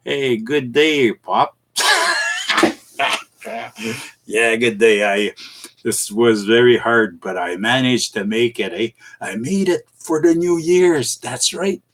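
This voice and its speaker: A middle-aged man hosting a casual livestream, rambling and chuckling between halting restarts as he greets his viewers. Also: mid-range voice, very animated, a bit bright. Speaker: live streamer.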